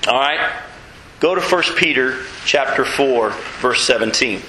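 A man preaching a sermon as pastor, animated and asking the congregation questions as he goes. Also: mid-range voice, a little slow, reverberant, a little hiss or hum, low-quality recording. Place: church.

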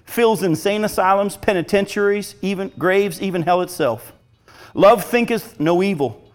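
A middle-aged male preacher delivering a sermon in a fairly high-pitched voice. He speaks earnestly and with emphasis, pressing each point home as he reads from a devotional text.

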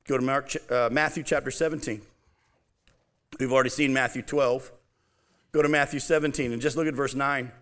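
A man preaching a casual, animated sermon, reading scripture aloud and talking it through with his listeners. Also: mid-range voice, brisk, pauses often. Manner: animated, conversational, reads scripture aloud with emphasis. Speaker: pastor.

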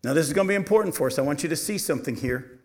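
A man leading a Bible study in a fairly high voice. He preaches with sudden loud rises and quiet drops. He asks his listeners questions and then answers them. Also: lively intonation, racing. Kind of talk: expository Bible teaching.

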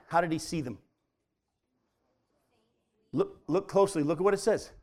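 A man delivers a sermon to his congregation in a voice that sits a little high for a man. He builds to loud, emphatic peaks and then drops to quiet, intimate near-whispers. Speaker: pastor.

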